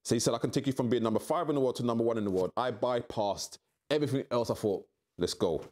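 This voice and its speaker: A middle-aged man from tells his story in an interview, and his voice keeps leaping up high as he acts out other people's words. He sits at a middling pitch and talks in candid, storytelling turns. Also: fast talker. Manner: animated, acts out quoted voices with big pitch jumps. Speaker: interview guest.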